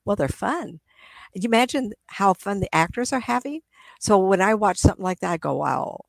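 A woman's voice: medium pitch, animated, normal speed, gravelly, no room sound. A middle-aged woman, a psychic medium, chatting in an interview and acting out spirits with gasps and laughs. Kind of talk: casual interview talk.

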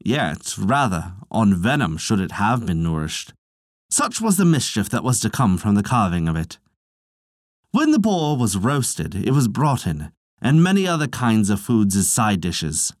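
Slow, expressive male storyteller. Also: on the low side, no echo, clean studio sound. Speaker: podcast narrator. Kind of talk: scripted audiobook narration.

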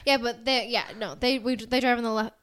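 Her voice is on the high side and a bit bright, with fairly even intonation and a fairly quick pace. This young American woman co-hosts a podcast, chatting casually and rambling with lots of fillers and giggles.

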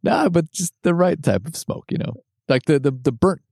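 A man's voice: a little high, expressive, moderate pace, vocal fry, darkish tone, breathy edge, dry recording, clean studio sound. A man co-hosting a whiskey tasting in casual chat, laughing often and repeating words as he thinks aloud.

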